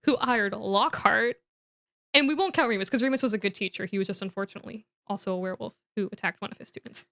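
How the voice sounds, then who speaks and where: A woman's voice: medium pitch, quick pace, bright, forceful tone. A young adult woman co-hosting a podcast, chatting casually through a comedic book recap with lots of "like" and restarts. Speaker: podcast co-host.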